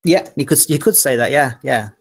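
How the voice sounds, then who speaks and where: A man's voice: mid-range voice, lively intonation, a little fast. A man in casual online chat, explaining points carefully with hesitant repeats.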